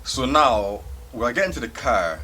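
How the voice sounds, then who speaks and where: A young man telling a comic storytime story on his vlog, animated and laughing as he goes. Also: mid-range voice, normal speed, a little hiss or hum. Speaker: vlogger.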